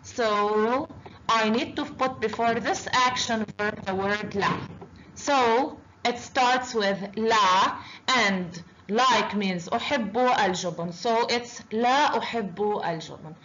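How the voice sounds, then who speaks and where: Woman teaching slowly with many uhs. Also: fairly high pitch, a bit bright, muffled recording, slight background noise. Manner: slow and deliberate, with many drawn-out uhs. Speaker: Arabic teacher. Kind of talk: online language lesson.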